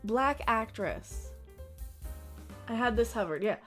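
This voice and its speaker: A woman with a slightly high voice delivers a blunt, sarcastic commentary rant, rambling and laughing as she goes. Faint music plays underneath her. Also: animated, slow, a bit bright. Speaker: channel host.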